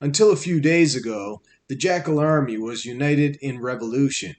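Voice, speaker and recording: A man's voice: mid-range voice, normal speed, lightly acted. A man voicing a condescending male jackal army guard who scolds and lectures the prisoners in a raised, sarcastic tone in an audiobook. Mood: explaining. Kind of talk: audiobook character voice.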